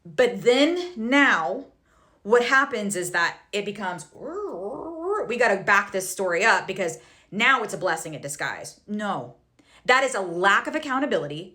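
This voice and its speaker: A woman's voice: mid-range voice, very animated, a little slow, pushed and bright. A woman telling a personal story to her social media followers, frank and heated, with many fillers and self-corrections. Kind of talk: candid personal storytelling to camera.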